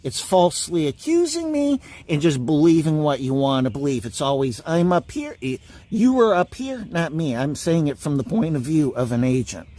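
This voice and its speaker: A man's voice: a little high, very animated, moderate pace, few pauses, warm tone. A man delivering an angry, profane monologue straight to his viewers, full of insults and repeated points. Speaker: vlogger.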